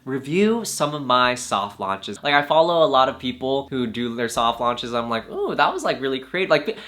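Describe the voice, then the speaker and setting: A man vlogging in a casual, candid way, chatting to camera about his relationship and sometimes jumping into a high playful voice for quoted lines. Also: animated, moderate pace, fairly bright tone.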